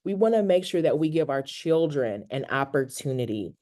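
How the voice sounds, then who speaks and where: A counselor giving an online workshop over a video call, talking in a relaxed, conversational way and often checking in with "right?". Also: mid-range voice, moderate pace.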